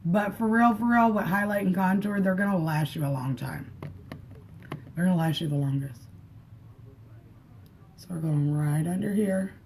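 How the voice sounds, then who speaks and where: A woman's voice: fairly low pitch, warm tone, slight background noise, low-quality recording. Chatty woman giving a makeup tutorial. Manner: chatty, friendly, talks to viewers as she works. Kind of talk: casual makeup tutorial chat, live with viewers.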